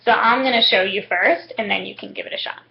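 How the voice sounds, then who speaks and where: A young woman calmly explaining speech therapy techniques step by step, with frequent "um"s. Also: mid-range voice, fast talker, gravelly. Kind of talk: instructional demonstration. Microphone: webcam. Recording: muffled webcam audio.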